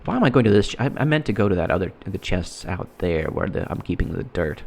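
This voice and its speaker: A man giving casual, rambling commentary while playing a game, halting and restarting his sentences often. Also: low voice, big pitch swings. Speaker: gameplay commentator.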